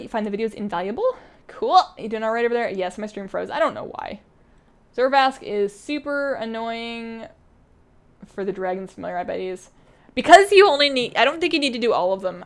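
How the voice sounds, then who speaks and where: Woman streamer chatting while she plays, kinda high voice, reads chat out loud, laughs a lot. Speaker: game streamer. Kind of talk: casual live-stream chat while playing.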